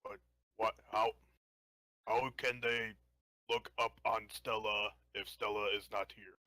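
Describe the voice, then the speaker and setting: A man's voice: on the low side, little pitch movement, takes it slowly, bright, forceful tone, no room sound. A man playing a tabletop game, talking casually and hesitantly, with many restarts. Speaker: player.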